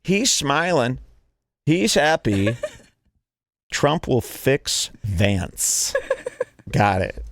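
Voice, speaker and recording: A man rants sarcastically as a podcast host, his pitch jumping all over the place. The sound is dry and close to the mic. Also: extremely slow, long pauses, no echo. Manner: sarcastic, animated. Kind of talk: mocking commentary on a clip.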